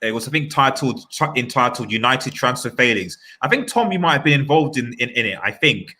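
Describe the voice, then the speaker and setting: A man hosting a live-stream football chat, talking in an animated, rambling way with many restarts. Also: medium pitch, brisk. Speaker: fan channel host.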